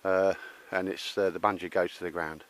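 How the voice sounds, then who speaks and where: A brisk, low-pitched male voice with little pitch movement belongs to an outdoor gear vlogger with a London Cockney accent. He chats casually at a campsite while demonstrating a tarp shelter, laddish and calling everyone mate.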